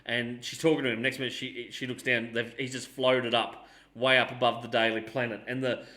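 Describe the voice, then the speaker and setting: Opinionated man, bright voice. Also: medium pitch, fairly quick. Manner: animated, swears freely, opinionated. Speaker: podcast co-host. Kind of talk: casual chat.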